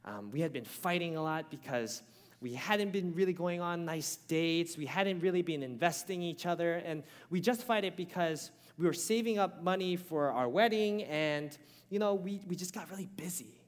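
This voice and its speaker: A man delivers a sermon with animated, storytelling energy and keeps tossing "right?" to his listeners. His voice sits a bit high for a man. It rings out in a hall with a long reverb. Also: moderate pace. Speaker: pastor.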